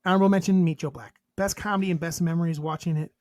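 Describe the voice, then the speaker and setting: A man's voice: a little high, fairly even intonation, rapid-fire, darkish tone, no echo. A man co-hosting a podcast in casual chat, reading a list aloud and cracking crude jokes between items. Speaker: podcast co-host.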